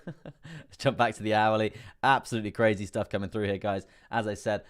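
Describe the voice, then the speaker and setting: A man hosting a live trading stream, chatty and rambling with many fillers, laughing often and getting excitable as prices move. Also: on the low side, fairly quick, smooth. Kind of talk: live stream market commentary.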